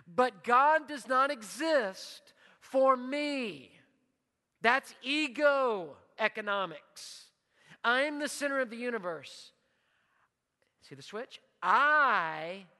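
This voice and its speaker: A man preaching a sermon as pastor, emphatic, leading the congregation in repeated phrases and dropping to a hushed voice in prayer. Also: sits high. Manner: leads call-and-response repetition. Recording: long hall reverb.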